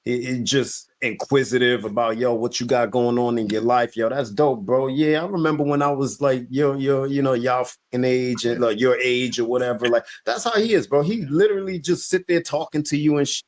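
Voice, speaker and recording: A man's voice: mid-range voice, brisk, few pauses. Rambling slangy man. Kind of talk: casual chat.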